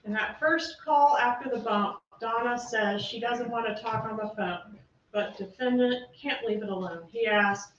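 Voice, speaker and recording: A woman prosecutor giving a closing argument to a jury, pressing her points with rapid rhetorical questions, heard through a distant courtroom feed. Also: a little high, a bit bright. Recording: roomy, distant, muffled courtroom feed with faint hiss.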